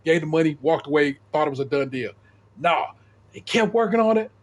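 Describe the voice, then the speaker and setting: A man's voice: a little high, animated, a little fast. A middle-aged man on a podcast, casually telling a profane story and acting out the people in it. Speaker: podcast co-host.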